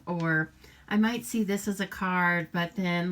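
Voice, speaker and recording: A woman's voice: lowish voice, steady tone, measured pace, a bit bright. A woman chatting her way through a live papercraft demonstration, greeting viewers by name and laughing often. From United States. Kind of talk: casual live craft demonstration.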